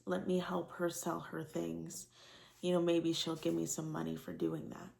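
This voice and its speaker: A woman's voice: lowish voice, gravelly, a little mellow. A woman in her twenties frankly telling a rambling personal story to camera, with many fillers and casual swearing. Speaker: vlogger.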